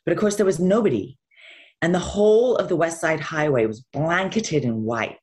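A woman's voice: deep voice, normal speed. A middle-aged woman chatting as a guest in an interview, telling stories with laughter. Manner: chatty, animated storytelling with laughs. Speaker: guest actress. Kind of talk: casual interview chat.

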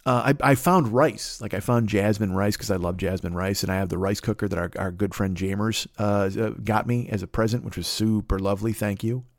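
A man's voice: fairly low pitch, fairly quick, few pauses, dry recording, studio quality. A man in his fifties telling a rambling, crude comic monologue as a podcast host. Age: 50s. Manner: rambling, crude, animated storytelling.

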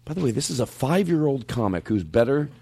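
A male podcast host riffing in casual comedy chat, laughing often. His pitch swings widely as he jokes, and he keeps a loose, playful back-and-forth going. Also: fairly quick, creaky, breathy edge. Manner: lively, joking, laughs often.

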